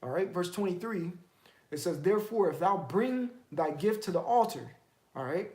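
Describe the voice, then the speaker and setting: A man's voice: high voice, expressive, normal speed, darkish tone, roomy sound. A man teaching the Bible in a casual, streetwise way, firing off emphatic rhetorical questions.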